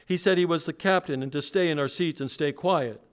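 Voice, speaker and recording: A preacher reading a frightened plane passenger. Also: male voice, on the high side, brisk, smooth, voice pushed up, close to an everyday voice. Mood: urgent. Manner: urgent, pressed, raised read-aloud delivery. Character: frightened male airline passenger calling for help.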